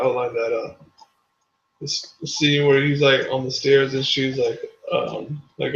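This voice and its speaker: A man in casual chat about a movie, talking in a halting, laid-back way. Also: mid-range voice, a bit bright. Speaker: co-reviewer. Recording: roomy, lo-fi, faint noise.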